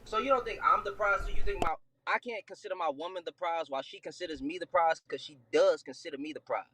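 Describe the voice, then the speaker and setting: A man with a somewhat high, bright voice and a husky edge speaks earnestly as a panel guest. He talks in a casual debating style, defending and clarifying his views. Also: fast, poor audio.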